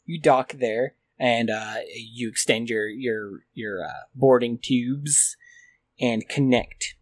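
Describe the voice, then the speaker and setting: A man running a sci-fi tabletop game as game master, describing scenes in a relaxed, hesitant way. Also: medium pitch, slow pace, no echo.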